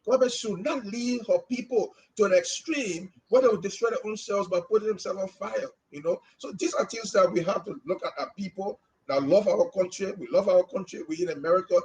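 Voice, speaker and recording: A man's voice: high-pitched, brisk, hardly any pauses, a little mellow, rough recording. A man from Liberia, a former journalist co-hosting a podcast, giving an impassioned opinion and repeating words as he presses his points. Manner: emphatic, repeats words when stressing a point. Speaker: podcast co-host.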